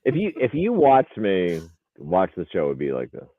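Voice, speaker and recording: A man co-hosting a casual podcast remotely, dry and stubborn in a deadpan way. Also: low-pitched, normal speed, no room sound. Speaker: podcast co-host. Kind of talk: casual chat. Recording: tinny phone-like call line.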